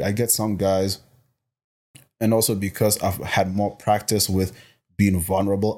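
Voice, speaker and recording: A young man from Botswana, a personal trainer, talking as a guest in a casual interview, emphatic and animated and often repeating words as he thinks. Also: deep voice.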